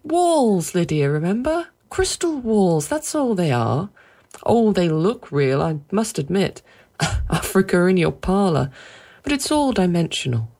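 A woman reading aloud plays a relaxed husband in a storybook, lightly amused and soothing as he talks his wife down. The voice stays low and unhurried in its calm, with an easy, comforting lilt. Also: full character voice. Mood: reassuring. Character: easygoing amused husband, middle-aged man.

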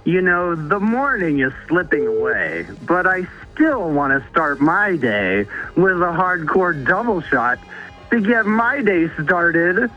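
A man voicing a wistful caller who speaks slowly in a sing-song way. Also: high-pitched, sing-song, soft background music, exaggerated voice. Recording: muffled phone line.

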